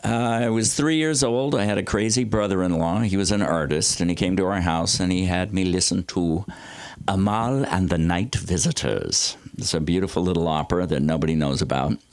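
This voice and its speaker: A man's voice: normal speed, dry recording. A man in his sixties doing stand-up storytelling at an open mic, rambling and loose, with salty language and lots of filler words. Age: 60s. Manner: swings his pitch widely for comic effect. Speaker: comedy teacher performing at an open mic.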